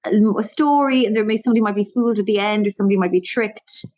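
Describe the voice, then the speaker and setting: A woman's voice: medium pitch, very fast, a little mellow, no echo, muffled recording. A woman with an Irish accent, a stand-up comedian talking in a casual interview, rambling and self-deprecating. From Ireland.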